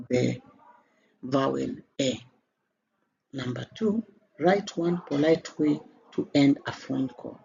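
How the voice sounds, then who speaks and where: A man's voice: on the high side, gravelly, dark tone. A man with a Kenyan English accent, teaching an exam revision lesson step by step and lifting his voice at each new question. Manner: explains step by step with a rising, emphatic lift at each new question. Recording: slightly dull, with faint background noise.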